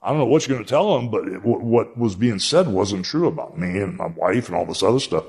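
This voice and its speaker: A man's voice: on the low side, animated, fairly quick, creaky, a little mellow, slightly rough. An older man, a podcast guest, telling a long story in a rambling, folksy way with many fillers.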